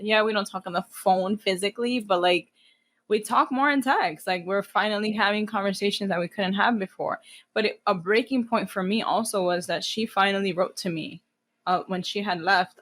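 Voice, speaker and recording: A New Jersey event planner in her thirties is a guest in a candid, casual interview, speaking with a mid-range, fairly bright voice. She's blunt, swears freely, and acts out lines she once said.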